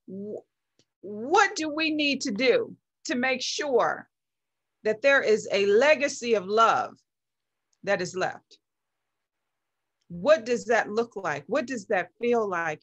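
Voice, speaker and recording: A woman's voice: a little high, fairly bright tone. A middle-aged woman talking as an interview guest, giving a passionate motivational talk and stressing her points by repeating phrases. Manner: emphatic, builds phrases by repetition. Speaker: guest, founder of a women's movement.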